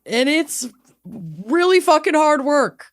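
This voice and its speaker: A woman co-hosting a podcast, talking in a casual, jokey, animated way and swearing now and then. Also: high-pitched, slow. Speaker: podcast co-host. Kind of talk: casual chat.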